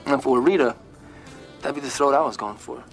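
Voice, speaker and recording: An actor playing an easygoing, quick-talking police detective. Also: male voice, medium pitch, gravelly, faint music behind, natural voice. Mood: earnest. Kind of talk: TV crime drama acting.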